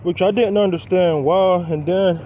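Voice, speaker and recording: Outdoors on a quiet roadside, a young car vlogger works on his car and chats loosely to viewers he calls y'all, a little out of breath. His voice is high and dark in tone, steady and moderately paced, and rambling, with slight background noise.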